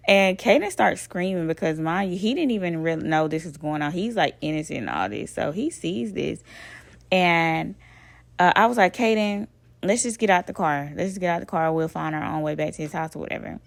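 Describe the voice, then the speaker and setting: A woman tells a personal story in a low, gravelly voice with plenty of vocal fry. She is animated and profane and keeps turning to her listeners with "y'all." The sound is dry and close, with no room echo. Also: fairly quick. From Alabama. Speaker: vlogger.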